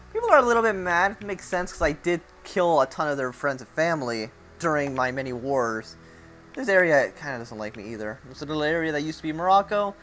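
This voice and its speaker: A young man talking through a strategy game in a loose, rambling way, full of thinking aloud and joking asides. His voice sits a little high and bright, and his pitch swings widely from line to line. Faint game music plays underneath. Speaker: gameplay commentator. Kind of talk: casual game walkthrough commentary.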